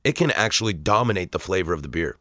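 A man co-hosting a casual beer tasting chat, animated and telling stories. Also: low-pitched, quick pace, dry recording, studio quality. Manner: animated, tells stories and jokes.

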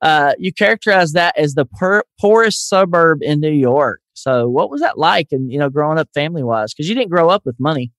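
A man's voice: fairly high pitch, lively intonation, a little fast, few pauses, a bit bright, no room sound, studio quality. A man with a Southern US accent hosting a podcast, chatty and upbeat as he tells stories. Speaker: podcast host. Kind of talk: casual interview chat.

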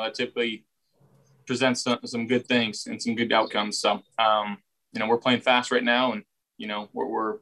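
Flat-voiced young man answering reporters. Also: medium pitch, poor audio. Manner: relaxed, repeats words while finding phrasing. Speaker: football quarterback at a press session. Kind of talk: casual press interview answers.

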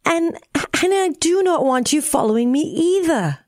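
A woman voicing a weepy, sulky little girl in a storybook reading, in a high, pleading tone. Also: expressive, measured pace, darkish tone, no room sound, studio quality. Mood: upset.

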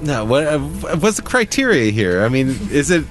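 A man's voice: a little high, big pitch swings, moderate pace, faint music behind. A man on a radio show crew, arguing in an incredulous way during studio banter.

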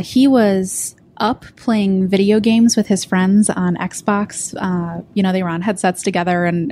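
A woman reporter on a podcast, recounting the details of a case in a measured way, with frequent ums. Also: medium pitch, darkish tone, a little hiss or hum. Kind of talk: podcast discussion.

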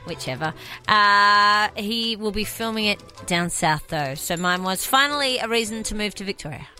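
An Australian woman co-hosting a radio show, trading quick, dry, teasing banter. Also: medium pitch, expressive, over music. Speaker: radio co-host. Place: radio studio.

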